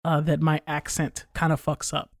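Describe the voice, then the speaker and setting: A man's voice: a little high, monotone, normal speed, creaky, no room sound, studio quality. A man chatting casually on a podcast, opinionated and rambling, with frequent swearing. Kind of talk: casual chat.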